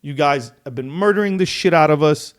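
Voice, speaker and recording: A man in his thirties, a podcast guest telling stories in casual, profane, animated chat. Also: fairly high pitch, brisk.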